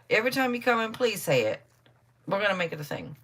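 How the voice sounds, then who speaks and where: A woman's voice: medium pitch, big pitch swings, quick pace, fairly bright tone. A middle-aged woman giving a live tarot reading in a casual, blunt, chatty way, swearing freely and laughing often. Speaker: tarot reader.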